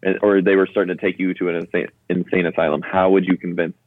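A man's voice: deep voice, flat delivery, fast talker, no room sound. A man in a casual group chat who poses questions and often restarts his sentences, heard over a tinny phone-like line.

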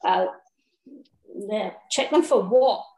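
A woman's voice: mid-range voice, takes it slowly. A woman telling her birth story in casual chat, laughing often and acting out what people said. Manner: lively, laughs often, acts out dialogue. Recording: roomy echo.

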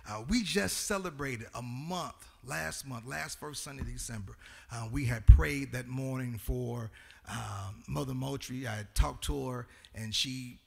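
A man's voice: mid-range voice, vocal fry, a bit bright. A man pastor addressing his congregation, with many "um" fillers, swelling into a sing-song preaching cadence. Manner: frequent "um" fillers. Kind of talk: church announcements and sermon.

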